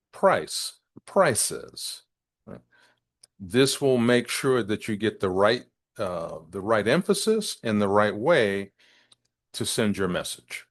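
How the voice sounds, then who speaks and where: A man teaching business English, speaking deliberately and stressing key words to demonstrate intonation. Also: on the low side. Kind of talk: presenting a business English lesson.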